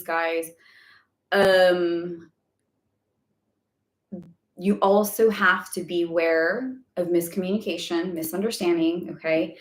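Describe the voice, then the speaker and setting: A woman hosting a casual live spiritual Q&A, chatty and rambling with lots of fillers. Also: lowish voice. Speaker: spiritual guidance host. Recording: echoey room.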